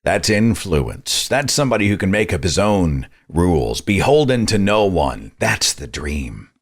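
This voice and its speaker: Low-voiced guy ranting on his podcast, sarcastic, pitch jumping all over. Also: very animated, moderate pace. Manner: sarcastic, indignant, mocks others' voices. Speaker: podcast host. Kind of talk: opinionated commentary.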